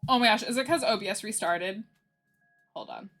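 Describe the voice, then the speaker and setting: A woman's voice: medium pitch, brisk, fairly bright tone. A woman hosting a livestream, chatting casually with her viewers and laughing often between lines. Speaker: livestream host. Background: faint background music.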